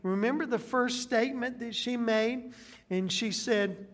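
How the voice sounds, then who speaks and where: A male pastor preaching a sermon, retelling a Bible story with animated, dramatic delivery. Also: sits high, normal speed.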